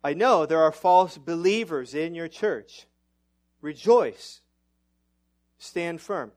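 A middle-aged man preaching a sermon as pastor, animated and self-mocking, his voice climbing when excited. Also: fairly high pitch, slow.

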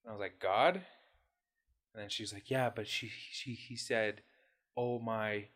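A man's voice: lowish voice, unhurried. A man in his thirties co-hosting a podcast in casual, profane chat, telling family stories with laughs. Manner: profane, laughing, animated storytelling. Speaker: podcast co-host.

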